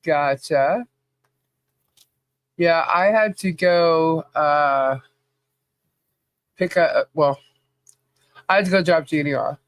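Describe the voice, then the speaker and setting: Her voice is low and unhurried, with frequent pauses and no echo. As co-host of a casual livestream podcast, she keeps things chatty, laughs often, and calls out viewers by name.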